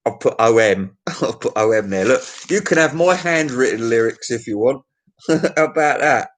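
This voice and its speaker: A man's voice: medium pitch, lively intonation, moderate pace. Blunt, swearing man. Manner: blunt and crude, swears often, laughs at his own jokes. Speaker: album reviewer. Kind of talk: casual unscripted album review.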